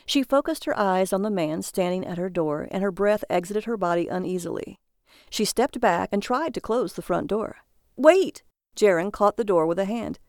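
A woman narrating a story aloud in a steady, even read-aloud delivery. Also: medium pitch, normal speed, no room sound, studio quality.

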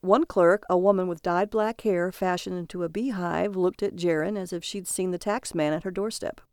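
A woman reading a story aloud in a steady, measured narration. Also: lowish voice, clean tone, dry recording, clean studio sound.

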